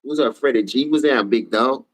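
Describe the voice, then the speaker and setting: Profane, animated New man ranting. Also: normal speed, rough recording. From New Orleans. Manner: profane, animated, trash-talking, swings from low mutters to high shouts. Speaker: sports talk show host. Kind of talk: heated casual live-stream rant.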